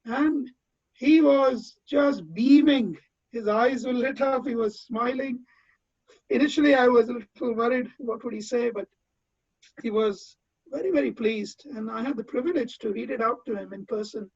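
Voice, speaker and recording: Speaking as a disciple, a man gives a heartfelt tribute, earnestly sharing personal memories and often restarting his phrases. His very high voice moves at normal speed and is a little mellow and slightly rough. The lo-fi recording is dull and dry, with no room sound.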